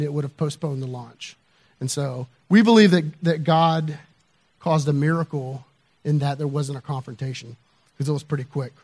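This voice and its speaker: A man with a fairly high voice preaches by telling a personal story. He talks in a loose, conversational way, with fillers and restarts. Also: darkish tone. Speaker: pastor. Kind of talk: storytelling sermon.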